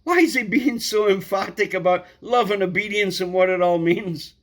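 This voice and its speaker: A man's voice: high-pitched, normal speed. A man preaching a sermon, emphatic and repeating key words for stress.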